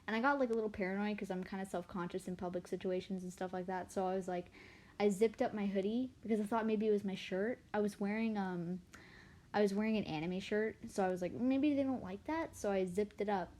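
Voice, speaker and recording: Speaking fast at a medium pitch, a teenage livestreamer chats as she draws. She tells rambling, self-deprecating stories, animated and with a voice that bounces up and down.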